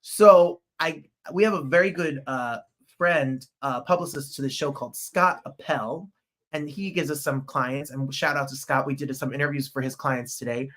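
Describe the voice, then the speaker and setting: Male podcast host, casual rambling chat, eager and excitable delivery. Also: mid-range voice, moderate pace.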